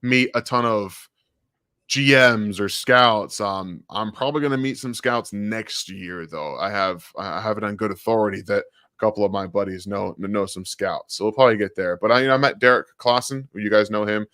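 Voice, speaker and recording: Male football analyst, enthusiastic draft talk, slightly low, dry close mic. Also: pushed and bright, no echo. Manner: enthusiastic, quick draft takes. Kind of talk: casual sports chat.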